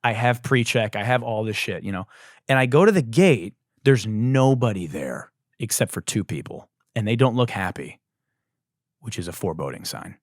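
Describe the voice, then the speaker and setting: A man hosting a podcast, telling a comic story as a profane, exasperated rant that bursts into shouting. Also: lowish voice, moderate pace, no echo, studio quality. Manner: profane, exasperated, animated ranting with shouted outbursts. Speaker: podcast host.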